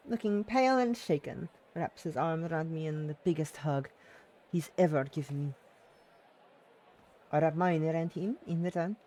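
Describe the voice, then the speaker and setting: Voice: medium pitch, a little mellow. A streamer reading a visual novel aloud and chatting, self-mocking and laughing often, trying out character voices.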